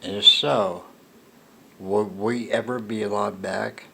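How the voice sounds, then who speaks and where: Slow gravelly older man. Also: lowish voice, steady tone, slight background noise. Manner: halting, with restarts and soft laughs. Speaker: storyteller recounting a personal encounter. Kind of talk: slow rambling personal monologue.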